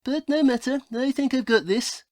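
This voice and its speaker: A woman's voice: high voice, moderate pace, a little mellow, no room sound, natural voice. A woman voicing a prim, haughty male detective in a comedy audio play, with a formal, fussy, scolding manner.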